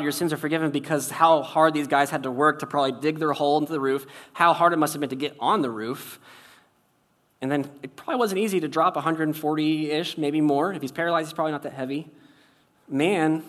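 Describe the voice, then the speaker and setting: Man preaching, casual sermon, wry asides, loud then hushed emphasis. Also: a little high. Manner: conversational, wry, shifts loud and soft for emphasis. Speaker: pastor.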